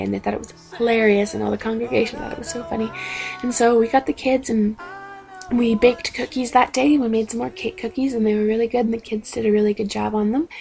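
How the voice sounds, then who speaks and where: A young woman in her twenties tells stories in a chatty video diary, her voice gravelly and pitched a little high. She acts out quotes with animated jumps in tone, and faint music plays behind her. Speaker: vlogger. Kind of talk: casual storytelling vlog.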